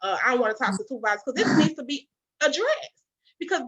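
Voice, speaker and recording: A woman's voice: sits high, fast talker. Emphatic woman podcast host, dull audio. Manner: animated, emphatic, many fillers and y'all asides. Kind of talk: candid storytelling monologue.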